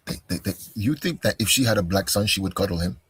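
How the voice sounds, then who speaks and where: A deep-voiced man with a heavily husky, raspy tone delivers a combative reaction commentary. He keeps pressing with rhetorical questions. The sound is close and dry. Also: expressive, fast talker, fairly bright tone, dry recording. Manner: combative, fires rhetorical questions, calls listener "bro". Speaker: commentator responding to a video.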